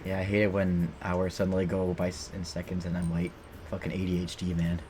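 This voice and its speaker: A man's voice: low-pitched, completely flat delivery, a little fast, background noise. A man streaming a video game, giving casual, rambling commentary full of fillers and restarts.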